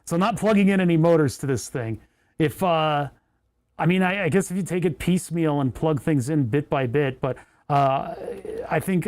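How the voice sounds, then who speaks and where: A man with a slightly high voice and a darkish tone hosts a casual livestream while tinkering with electronics. He rambles, thinks out loud, and pokes fun at himself.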